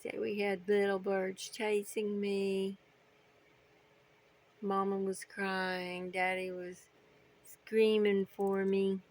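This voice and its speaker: A woman voicing her baby female parakeet, telling the bird's escape in a lively storytelling way close to her own voice. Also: mid-range voice, takes it slowly, pauses often, lightly acted. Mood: excited.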